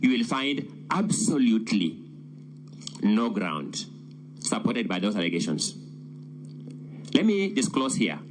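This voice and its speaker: A man, a lawyer making a formal, measured, emphatic legal submission to senators. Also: on the low side, sing-song, a little hiss or hum. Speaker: defense lawyer addressing the Senate.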